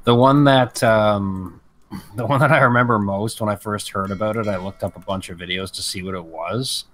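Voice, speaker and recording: A male co-host chatting casually on a podcast with blunt, profane opinions. His voice sits a little on the low side. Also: fairly even intonation, normal speed, a bit bright. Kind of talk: casual chat.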